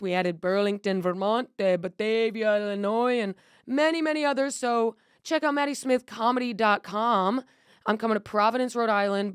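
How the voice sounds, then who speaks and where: A woman's voice: mid-range voice, clear, resonant tone, no echo, clean studio sound. A woman hosting a podcast, chatty and casual, who swears freely and plugs her tour dates. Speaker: podcast host.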